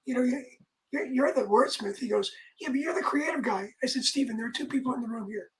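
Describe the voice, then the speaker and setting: A man's voice: very high voice, fast, background noise. A man, a music manager, telling a long casual anecdote in a rambling way, full of restarts and quoted dialogue.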